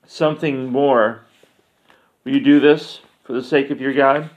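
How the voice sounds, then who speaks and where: A man voicing a calm, solemn male pilgrim who speaks in measured, grave pronouncements. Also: medium pitch, natural voice. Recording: dull lo-fi recording.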